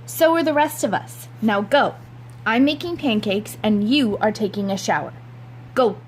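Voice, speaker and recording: A woman reading aloud voices a determined suburban mother who gives brisk, commanding orders. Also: mid-range voice, a little hiss or hum, close to an everyday voice. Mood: firm.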